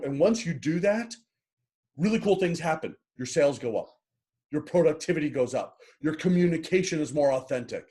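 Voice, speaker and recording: A man's voice: fairly high pitch, mellow. A middle-aged man talking in a casual interview, earnest and emotional, often repeating words as he goes. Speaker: guest, happiness coach.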